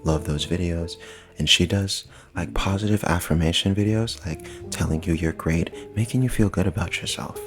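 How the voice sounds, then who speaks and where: A man's voice: low voice, normal speed, faint music behind. A man casually recommending channels in an enthusiastic, rambling chat, often restarting his sentences.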